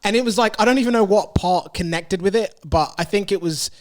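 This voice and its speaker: A man's voice: high voice, fairly quick, no echo, clean studio sound. A young man hosting a casual podcast, telling a story animatedly and laughing often. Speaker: podcast host.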